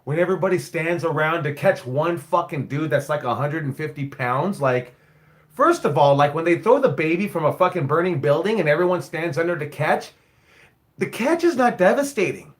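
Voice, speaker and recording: Blunt, profane high-voiced wrestling coach. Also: male voice, lively intonation, moderate pace. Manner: blunt, profane, rambling storyteller. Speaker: wrestling school owner and head coach. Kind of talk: casual live-stream chat.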